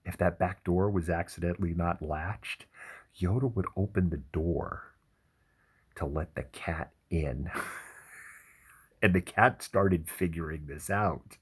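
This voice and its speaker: A man hosting a livestream, telling rambling stories in a relaxed chat with frequent chuckles. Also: sits low, slow pace, pauses often, slightly rough. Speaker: livestream host. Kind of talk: casual chat.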